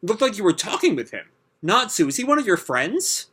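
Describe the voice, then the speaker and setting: An excitable, anxious young heroine from a manga, as a man puts her on. She talks in high, breathless exclamations. The voice is pushed well above his own and rings sharp. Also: fairly quick, breathy edge, full character voice. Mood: excited.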